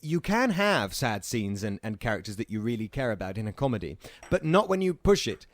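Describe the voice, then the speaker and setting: A man's voice: on the low side, very animated, fairly quick, dry recording, studio quality. A young man in his twenties co-hosting a podcast, chatting casually about films and often searching for words. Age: 20s. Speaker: podcast co-host. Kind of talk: casual film review chat.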